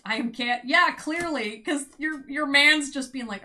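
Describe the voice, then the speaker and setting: Young female tarot streamer, casual and giggly, bright slightly high voice. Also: measured pace. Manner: bubbly, giggly, exclaims loudly, many "like"s.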